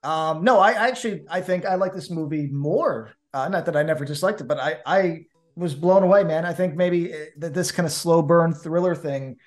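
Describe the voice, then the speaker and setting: Animated co-host with a Jersey accent, slightly high voice, casual talk. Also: male voice, normal speed, few pauses, soft background music. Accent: New Jersey. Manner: animated, chatty, lots of restarts. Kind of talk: casual podcast chat.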